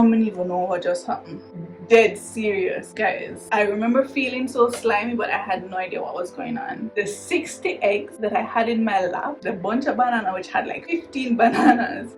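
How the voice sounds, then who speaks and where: A woman's voice: a little high, low-quality recording. Young jamaican woman, casual storytime vlog, acts out all the dialogue, music going behind her. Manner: animated, acts out dialogue, laughs through the telling. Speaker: vlogger telling her story.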